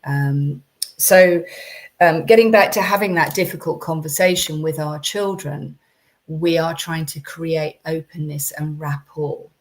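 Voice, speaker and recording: Low-voiced woman parenting coach. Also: fairly even intonation, unhurried. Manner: conversational, chatty, frequent ums and restarts. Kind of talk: live-streamed advice talk.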